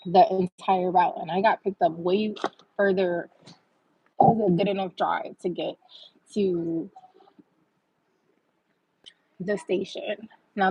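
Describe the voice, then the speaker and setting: Woman vlog host, breathy and muffled, casual storytelling. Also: mid-range voice, no room sound. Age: adult with a child. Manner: chatty, animated storytelling with laughs.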